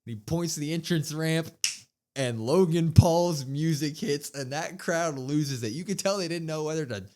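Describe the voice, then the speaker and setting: Animated man recapping wrestling. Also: a little high, normal speed. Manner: animated retelling, acts out quotes. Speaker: wrestling podcast co-host. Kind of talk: casual recap chat.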